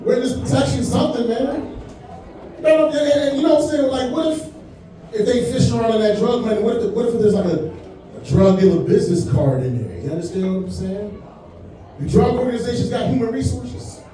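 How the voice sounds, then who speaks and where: A man's voice: extremely high pitch, expressive, brisk, warm tone, slight background noise. A stand-up comedian in his forties with a laid-back, conversational delivery on a comedy club stage. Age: 40s. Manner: laid-back, conversational delivery with frequent "man" and "you know what I'm saying". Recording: echoey club sound from far off.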